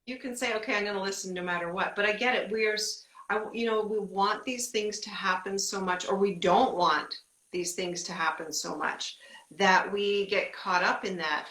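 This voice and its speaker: A woman's voice: medium pitch, fairly bright tone, reverberant. A middle-aged woman who works as an intuitive reader, talking casually and emphatically in a podcast chat. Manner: chatty, emphatic, quotes her own inner questions.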